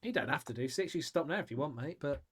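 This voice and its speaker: A man's voice: a little high, animated, quick pace, fairly bright tone, breathy edge. A man hosting a podcast, in casual, teasing, encouraging chat. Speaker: podcast host.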